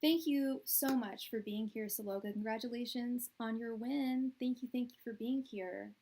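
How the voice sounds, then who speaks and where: A woman hosting a tarot live stream from a room at her parents' house, chatting in a soft, soothing voice with many fillers and restarts. Her audio comes through quiet and low. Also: normal speed, a little hiss or hum, poor audio. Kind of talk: casual live-stream chat. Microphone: quiet, low-level live-stream audio.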